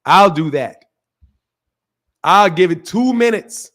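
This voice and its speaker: A man's voice: sits high, expressive, slow, fairly bright tone. Joking man hosting a live boxing stream. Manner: loose, joking, slangy, laughs often. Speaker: boxing show host. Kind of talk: casual live-stream talk with callers.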